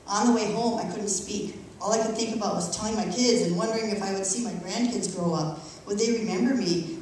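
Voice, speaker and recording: A middle-aged woman earnestly reading her personal testimony aloud in a church, emotional but measured. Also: medium pitch, a little mellow, slight background noise. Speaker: church member giving testimony. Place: church sanctuary. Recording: echoey church from far off.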